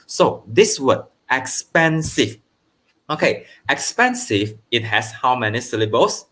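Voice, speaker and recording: A man teaching primary school grammar online, explaining slowly and checking understanding with "okay", with brief bits of Mandarin. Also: medium pitch, big pitch swings, bright, forceful tone. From Malaysia. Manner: switches into Mandarin for translations.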